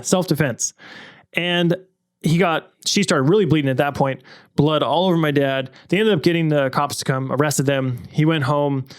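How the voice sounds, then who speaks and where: Dry-sounding, slightly high-voiced male podcast host. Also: no echo. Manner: loose and conversational, with many fillers. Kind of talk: casual chat and reading a listener's story aloud.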